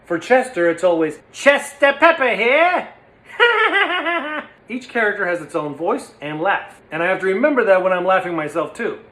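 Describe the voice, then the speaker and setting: A man's voice: high-pitched, fast talker, few pauses, fairly bright tone. A young man teaching puppetry in a casual, playful way, recorded in an echoey room. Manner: playful, demonstrative, slips into silly voices. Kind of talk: casual instructional talk. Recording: echoey room with faint noise.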